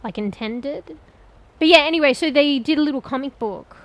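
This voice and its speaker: A woman with a fairly high voice talking her way through a game for her stream. She rambles and thinks out loud as she explores, talks straight to her viewers, and drops casual swears along the way. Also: normal speed, no room sound, poor audio. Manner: chatty, addresses viewers directly. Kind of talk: casual gameplay commentary.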